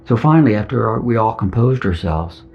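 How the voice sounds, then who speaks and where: A man's voice: on the low side, animated, a little fast. A middle-aged man, a veteran, earnestly recounting a personal testimony and acting out the dialogue. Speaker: veteran telling his story. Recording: dull lo-fi recording with soft music. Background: soft music.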